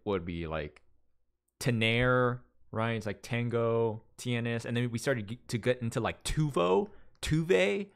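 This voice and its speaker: Man, from Las Vegas, mid-range voice, live stream host, casual rambling chat, self-correcting, reads viewer messages. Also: mid-range voice. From Las Vegas, USA. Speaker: livestream host.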